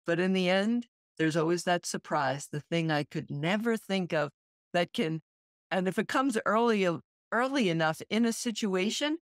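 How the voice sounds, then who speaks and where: A woman's voice: medium pitch, dry recording, clean studio sound. A woman co-hosting a podcast in casual chat, speaking in a reflective, earnest way. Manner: reflective and earnest, with soft laughs. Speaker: podcast co-host.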